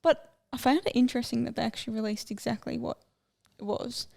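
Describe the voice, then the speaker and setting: A young woman co-hosts a podcast in a loose, chatty way, drifting from one topic to another. Her voice sits a little high and carries a steady gravelly fry. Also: fast. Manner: chatty, rambling, easily sidetracked. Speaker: podcast co-host. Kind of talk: casual chat.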